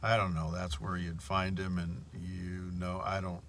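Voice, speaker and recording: A man's voice: deep voice, completely flat delivery, measured pace, a bit bright. A man telling a story in a casual monologue, indignant and repeating his points. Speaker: bank customer telling of a complaint.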